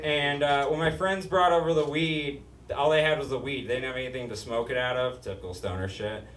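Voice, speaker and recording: A young man from Utah doing a stand-up comedy set with a whiny, nasal delivery that rises into shouts. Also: mid-range voice, fairly even intonation, brisk. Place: live comedy stage before an audience. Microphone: stage microphone. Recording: roomy live-venue sound, mic a bit distant. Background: audience laughter.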